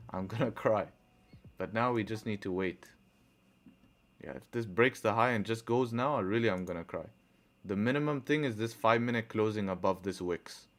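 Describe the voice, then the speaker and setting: A man with a lowish, slightly bright voice livestreams his trading at normal speed. He thinks aloud in casual commentary, answers chat and groans when trades go against him.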